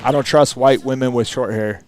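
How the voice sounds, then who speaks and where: A man doing relaxed play-by-play and joking banter on a darts livestream. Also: mid-range voice, moderate pace. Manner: relaxed, joking, calls the throws. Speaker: darts stream commentator.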